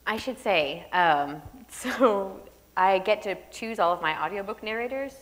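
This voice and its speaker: A woman's voice: mid-range voice, lively intonation, unhurried. A woman author talking energetically onstage, laughing often, then reading her own prose aloud to an audience in an opera house. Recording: long reverb of a large hall.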